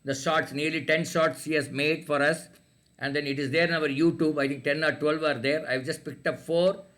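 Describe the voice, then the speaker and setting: A man's voice: a little high, fairly even intonation, moderate pace, a bit bright. A middle-aged man with an Indian English accent teaching an online class, talking in a hesitant way with many fillers and restarts.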